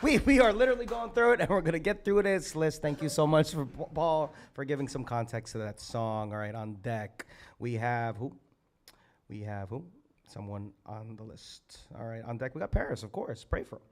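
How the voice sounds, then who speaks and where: A man's voice: mid-range voice, normal speed. A man hosting an open mic, hyping the crowd and calling performers up to the stage. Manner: hyped, shouting to the crowd. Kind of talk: live event emceeing. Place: community center stage.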